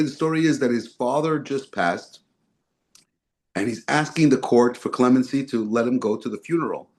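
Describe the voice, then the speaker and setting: A man of middle pitch tells a long personal story as a guest speaker. He shifts into the voices of the people he quotes, sometimes jumping much higher for a surprised judge. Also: a little mellow. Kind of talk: storytelling talk.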